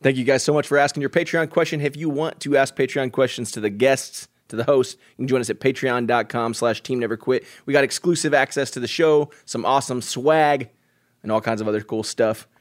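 A man hosts a podcast in an easygoing way, chatting casually with his co-hosts. His voice is mid-range and upbeat. He welcomes listeners and introduces guests with relaxed energy. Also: mid-range voice, brisk. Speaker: podcast host. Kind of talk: casual chat.

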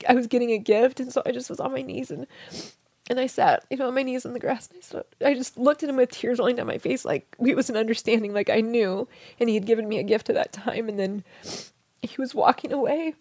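A woman speaking in a fairly high voice with a gravelly, creaky edge. She tells a personal story in an interview, tender and hushed, often sinking into a soft whisper. The recording is close and dry, with no room sound. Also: dry recording. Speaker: interview guest.

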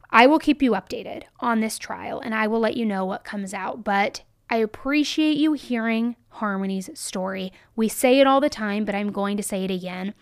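A woman's voice: mid-range voice, normal speed, few pauses, smooth, no room sound. A woman hosting a true crime show, giving blunt and emphatic commentary into a close mic.

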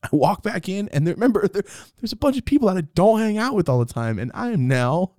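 A man telling a wild personal story in a casual, profane, animated way, acting out what people said. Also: high-pitched, quick pace, no echo, studio quality. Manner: animated, profane, acts out the quotes.

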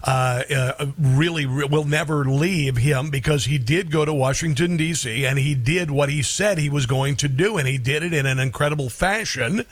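A man's voice: a little high, normal speed, hardly any pauses. A man hosting a talk radio show, reading an ad and interviewing a guest in a folksy, joking, emphatic way.

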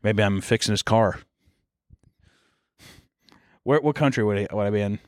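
A man's voice: on the low side, normal speed, no echo, studio quality. A man co-hosting a podcast in casual comedic chat, swearing and laughing often. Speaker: podcast co-host.

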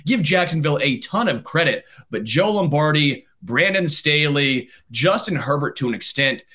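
A man co-hosting a sports podcast, speaking. He rattles off ad copy at speed and rants with animation about football. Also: fairly high pitch. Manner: rapid-fire ad reading, animated ranting. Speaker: podcast co-host. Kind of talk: casual sports chat and read ad.

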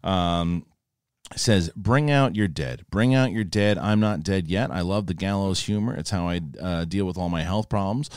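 A man's voice: low-pitched, normal speed, smooth, no echo, clean studio sound. A man hosting a casual live stream, reading out viewer messages and laughing often with his co-host. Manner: laid-back, reads donor messages aloud, laughs often.

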